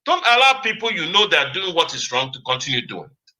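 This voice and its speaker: A man's voice: on the high side, big pitch swings, fast, sharp tone, low-quality recording. A man giving impassioned political commentary on a radio broadcast, repeating key words for emphasis.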